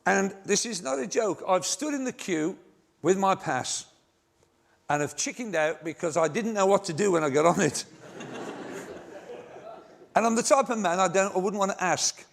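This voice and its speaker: A man's voice: high voice, normal speed, vocal fry, long pauses, slight background noise. An older man, preaching a sermon to a congregation in a church, telling self-mocking funny stories. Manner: anecdotal, self-mocking, jokey delivery. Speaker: pastor. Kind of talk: humorous sermon storytelling. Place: large church before a congregation.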